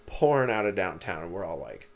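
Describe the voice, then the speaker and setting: A man's voice: sits low, sing-song, fairly quick, creaky. Rambling, cursing young man telling stories. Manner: rambling storyteller, lots of "like" and cursing. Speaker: podcast co-host. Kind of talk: casual chat.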